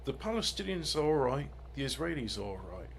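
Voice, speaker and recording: A man's voice: medium pitch, sing-song, a little fast, creaky, slight background noise. A man giving rambling, joking let's-play commentary, muttering asides and mocking himself as he sets up his game. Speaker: gaming video host.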